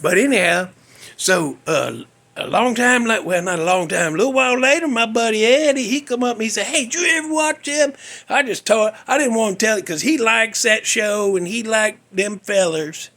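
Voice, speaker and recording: A man's voice: high voice, moderate pace, bright, forceful tone. A male podcast host telling a story in a casual, folksy, rambling way, cussing freely.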